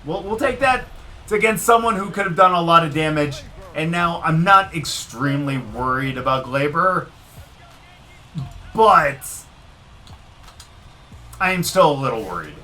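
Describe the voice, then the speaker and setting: A man with a fairly high, bright voice, commentating a baseball video game in a casual let's-play style. He swings his pitch all over as he talks to the game, cheering and groaning along with every pitch, with soft music underneath. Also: expressive, unhurried, long pauses. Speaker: gaming video creator.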